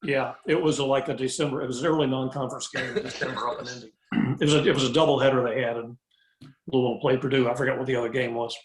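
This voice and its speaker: Relaxed sports broadcaster man, roomy sound. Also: mid-range voice, rapid-fire, a crowd in the background. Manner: relaxed, matter-of-fact recall. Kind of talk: casual interview chat. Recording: roomy echo.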